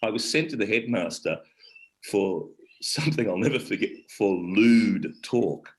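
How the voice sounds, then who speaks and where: Lively Australian man spinning yarns. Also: lowish voice, measured pace, poor audio. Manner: animated storyteller, acts out voices. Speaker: author and actor guest. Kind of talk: storytelling conversation. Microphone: online event call.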